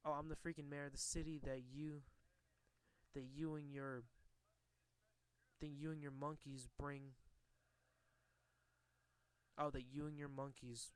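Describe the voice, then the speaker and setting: A man reading out the lines of a blustering male newspaper boss, with a flat delivery and frequent restarts. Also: a little high, unhurried, long pauses, smooth, no room sound, lightly acted. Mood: indignant.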